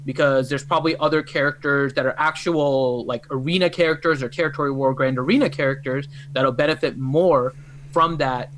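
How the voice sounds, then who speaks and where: A man's voice: medium pitch, fairly even intonation, brisk, a bit bright, a little hiss or hum, rough recording. A man co-hosting a casual gaming livestream, explaining strategy in an easygoing, joking way. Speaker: co-host.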